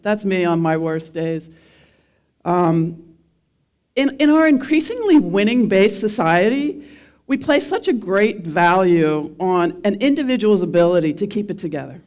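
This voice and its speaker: A woman's voice: medium pitch, darkish tone. A middle-aged woman giving a personal talk to a live audience at an event, mixing wry self-mocking humor with questions to the crowd. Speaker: speaker at a mental health event.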